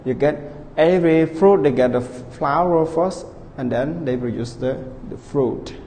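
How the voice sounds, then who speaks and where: A man teaching an online English class, spelling words out letter by letter, repeating them slowly, calling himself "teacher" and constantly checking in with his students. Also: a little high, warm tone. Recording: reverberant room with faint background hiss.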